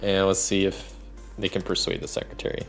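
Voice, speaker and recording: Low gravelly man running a solo game. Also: flat delivery, fairly quick, faint music behind. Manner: rambling, thinking aloud with many fillers. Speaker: solo game master and player. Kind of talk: narrating a solo tabletop game.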